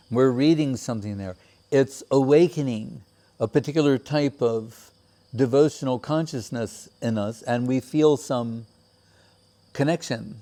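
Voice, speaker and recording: A man giving a measured, reflective devotional talk with many pauses. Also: mid-range voice, warm tone. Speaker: spiritual teacher. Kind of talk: devotional discourse.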